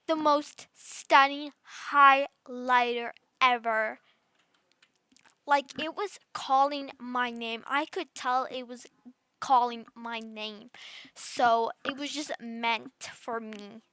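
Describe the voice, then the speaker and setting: Lady playing a snotty little kid, bright sharp voice, rambly and smug, dry close mic. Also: on the high side, no room sound. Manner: rambling storyteller, constant "like" fillers; smug, gleeful. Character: bratty rude girl under ten. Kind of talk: voice role-play storytime.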